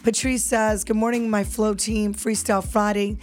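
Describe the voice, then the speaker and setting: A woman's voice: medium pitch, flat delivery, normal speed. A woman hosting a morning radio show in a studio, upbeat and chatty as she reads out listener texts. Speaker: radio host.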